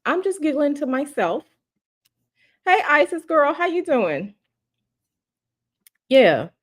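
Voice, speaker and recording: A woman's voice: high-pitched, very animated, slow. Chatty teasing woman livestream host. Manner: chatty and teasing, hints at gossip, repeats herself. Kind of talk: casual live chat reading viewer comments. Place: at home.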